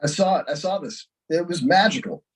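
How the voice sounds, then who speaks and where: A man's voice: a little high, expressive, a little fast, far from the mic, poor audio. A man co-hosting a casual talk show, telling prank-call stories and laughing as he acts them out. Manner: laughs through stories, acts out phone calls. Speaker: podcast co-host.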